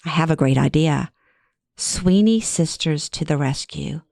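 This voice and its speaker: A woman's voice: deep voice, measured pace, gravelly, a little mellow, no room sound, clean studio sound. Wry middle-aged woman telling a story. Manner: wry, conversational, self-deprecating. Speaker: author reading her own memoir. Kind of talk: first-person story narration.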